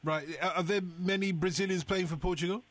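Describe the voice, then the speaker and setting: A man's voice: high-pitched, fairly even intonation, fairly quick, no room sound. A man hosting a live radio phone-in, chatty and self-mocking as he reads out the number and listeners' texts from a studio microphone.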